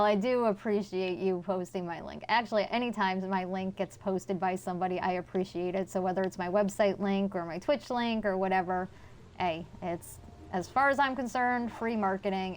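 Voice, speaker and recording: A woman game streamer chats casually with viewers during a live stream as she plays, speaking bluntly and swearing freely. Her voice has medium pitch and a moderate pace.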